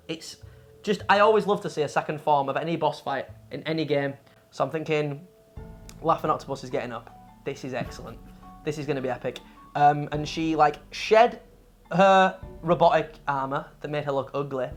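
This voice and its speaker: A woman's voice: low voice, fairly quick, soft background music. A woman co-hosting a game review show, ranting about a game in casual, profane, exasperated chat.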